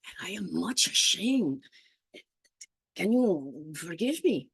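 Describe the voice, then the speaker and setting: Ashamed young man who used to be a dancing bear, low and hesitant, woman voicing him. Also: sing-song, slow pace, vocal fry, a bit bright, breathy edge, no echo, exaggerated voice.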